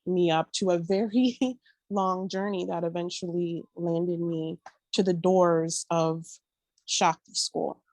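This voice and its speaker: Animated woman telling a personal story. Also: fairly low pitch, takes it slowly, no room sound. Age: 30s. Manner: animated, emotional, bursts of exclaiming. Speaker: podcast guest.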